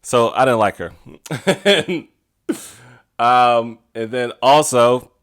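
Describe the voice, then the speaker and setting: A man hosting a podcast gives a casual storytelling monologue, rambling through tales and laughing often. His medium-pitched voice has a fairly bright tone, and he draws out his words.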